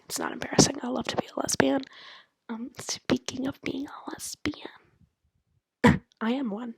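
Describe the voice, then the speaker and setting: Young woman, 19, casual late-night laptop monologue; hushed, breathy whisper, dry close sound, rambling and self-mocking. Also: on the high side, dry recording. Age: 19, turning 20. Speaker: college student podcaster. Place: at home at night. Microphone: laptop mic.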